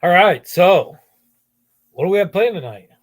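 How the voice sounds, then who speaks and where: A man's voice: high-pitched, lively intonation, moderate pace, dry recording, clean studio sound. A middle-aged man from Ohio hosting a casual livestream, reading viewer comments aloud and joking with them by name. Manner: chatty, jokey, greets viewers by name. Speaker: livestream host.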